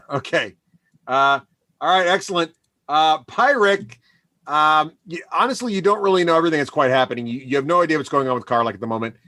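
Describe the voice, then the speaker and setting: A man runs a live tabletop game, his voice bright and bouncing up and down. He laughs often and fills his pauses with uhs. The sound is dry and close. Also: fairly high pitch, no echo. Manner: lively, laughing, hesitant with many uhs. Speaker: dungeon master. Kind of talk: running a tabletop game, voicing characters.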